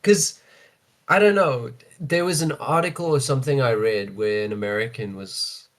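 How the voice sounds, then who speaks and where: Man, South African accent, casual podcast co-host, animated and opinionated, mid-range voice. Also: medium pitch, moderate pace, low-quality recording. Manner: animated, opinionated, fills with "like, look".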